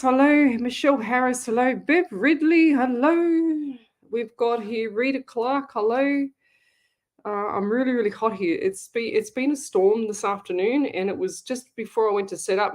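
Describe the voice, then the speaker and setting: A woman hosting a live psychic radio show, chatting casually and reading viewers' comments aloud. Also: medium pitch. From Australia. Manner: eats while talking. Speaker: psychic medium radio host.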